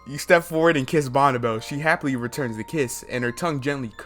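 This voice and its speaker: A man's voice: medium pitch, fast talker. Male gaming YouTuber, reads dating-game text with jumpy asides, faint music behind. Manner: excitable, laughing asides. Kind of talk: reading a dating game aloud with commentary.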